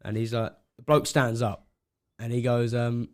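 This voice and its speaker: A man's voice: mid-range voice, fairly even intonation, normal speed. A man co-hosting a casual podcast, telling a long rambling joke with frequent laughs and trailing asides. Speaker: podcast co-host. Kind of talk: casual chat.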